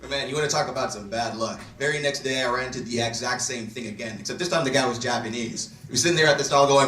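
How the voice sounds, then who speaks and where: A man performing a stand-up set, telling stories deadpan and breaking into loud shouted impressions. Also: on the high side, fast, few pauses. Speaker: stand-up comedian. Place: comedy club stage. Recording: roomy club sound from far mic. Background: laughing audience.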